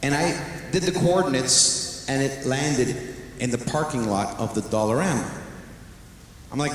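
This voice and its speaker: A man's voice: medium pitch, unhurried, long pauses, a little hiss or hum. A man doing stand-up storytelling on an arena stage, animatedly acting out both sides of conversations. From Canada. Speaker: stand-up comedian. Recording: echoey arena with long reverb.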